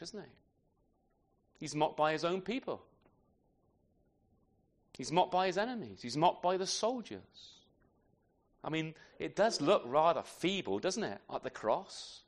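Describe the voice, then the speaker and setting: A man's voice: on the high side, fairly bright tone. A man preaching an expository sermon in a conversational way, often turning his points into tag questions and adding self-deprecating asides.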